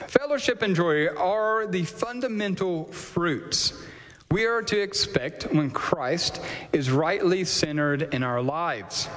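Male preacher, unhurried and earnest, slightly high voice, church-hall reverb. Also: fairly bright tone. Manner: measured, earnest, emphatic rhetorical questions. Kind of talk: sermon with closing prayer.

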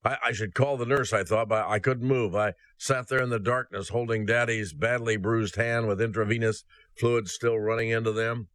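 A man delivers a sermon in an earnest, slow and solemn voice. His voice sits low, and the sound is dry and close. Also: steady tone, fairly bright tone, dry recording. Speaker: ministry host. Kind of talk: sermon with a read-aloud story.

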